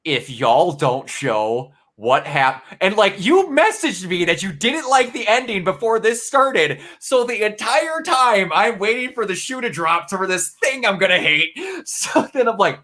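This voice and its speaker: Young guy with a bright voice gushing about a game, acts out the scenes. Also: high-pitched, moderate pace, few pauses. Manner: animated storytelling, acts out scenes with quotes. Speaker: game reviewer. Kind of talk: casual spoiler review chat.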